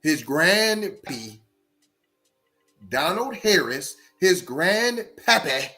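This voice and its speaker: A fairly high-voiced man hosts a live-stream podcast. His pitch leaps wildly as he rants, stuttering and repeating words. He talks slowly, and faint music plays underneath. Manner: animated, repeats words, swings between loud outbursts and low asides. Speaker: podcast host. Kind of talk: live-stream commentary, reading chat.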